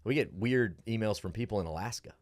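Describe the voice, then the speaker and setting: A middle-aged man, a travel show host chatting as a podcast guest, animated, acting out the people he quotes. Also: on the low side, fast talker, no echo, clean studio sound. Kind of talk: casual podcast chat.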